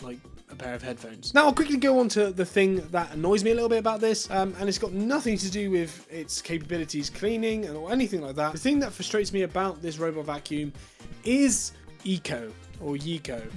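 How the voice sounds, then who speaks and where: A chatty English man with a notably high-pitched voice runs through a casual product review. He talks informally, peppering his points with filler words, while soft music plays quietly underneath. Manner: chatty, sort-of fillers, informal British phrasing. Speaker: tech reviewer.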